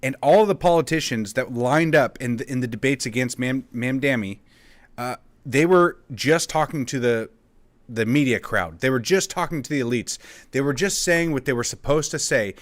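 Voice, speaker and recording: A man's voice: mid-range voice, lively intonation, normal speed. A man co-hosting a casual podcast, talking steadily and firmly about his views, with short laughs. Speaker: podcast co-host. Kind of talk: casual political podcast chat.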